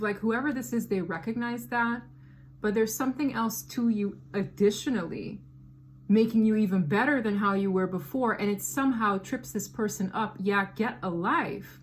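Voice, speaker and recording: Woman doing a tarot reading, slangy and emphatic, voice a bit high, little hiss behind her. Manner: animated, slangy, emphatic storytelling. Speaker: tarot reader. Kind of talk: casual tarot reading to camera.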